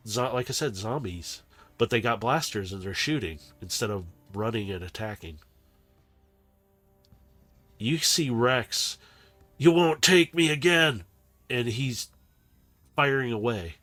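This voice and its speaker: A man narrating a tabletop game as game master, in a loose, chatty, animated way. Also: fairly low pitch.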